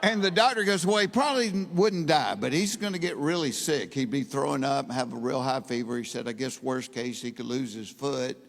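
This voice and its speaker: A man doing stand-up, telling a drawling, deadpan story on stage and punching up the loud punchlines. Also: mid-range voice, normal speed, gravelly, hardly any pauses. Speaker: stand-up comedian. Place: stage in a large hall. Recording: hall reverb.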